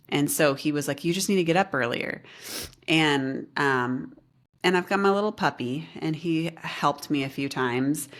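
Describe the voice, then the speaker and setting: A woman co-hosting a podcast, telling a story in a chatty way with many fillers. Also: rumbling low. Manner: chatty, many fillers, animated quoted voices. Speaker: podcast co-host. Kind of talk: casual chat, storytelling.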